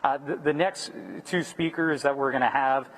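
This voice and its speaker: A man moderating a press conference, making formal announcements with hesitant pauses and restarts. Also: medium pitch, fairly even intonation, slight background noise, low-quality recording. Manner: hesitant, many fillers and restarts.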